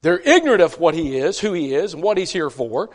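A man preaching a conversational sermon in a church, folksy and animated, with chatty asides between scripture readings. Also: on the high side, a little fast. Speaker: pastor. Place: church sanctuary. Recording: long church reverb.

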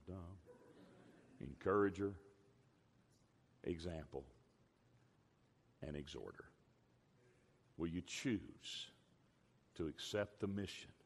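A man preaching a sermon, earnest and slow, praying and exhorting his listeners. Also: low-pitched. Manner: slow, earnest, rising to loud auctioneer calls. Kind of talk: sermon with sung poem. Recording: long hall reverb.

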